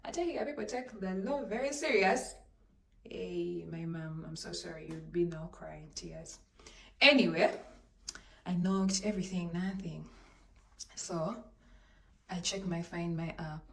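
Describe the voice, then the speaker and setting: A woman telling a dramatic storytime vlog to her viewers, talking into a handheld phone in a lively, animated way. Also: on the low side, a little slow, creaky, long pauses, far from the mic. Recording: roomy echo, voice off-mic, faint background noise.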